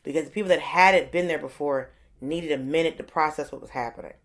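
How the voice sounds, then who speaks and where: A woman's voice: sits low, fairly quick. A young woman in casual conversation, telling stories animatedly, acting out quotes and swearing freely. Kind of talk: casual chat.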